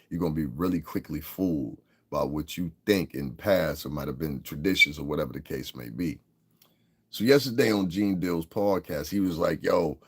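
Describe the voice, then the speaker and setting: A man, hosting a podcast and riffing on the news in a profane, rambling, repetitive way. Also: extremely low pitch. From New York. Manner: profane, rambling, repeats himself. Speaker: podcast host. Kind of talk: casual livestream commentary.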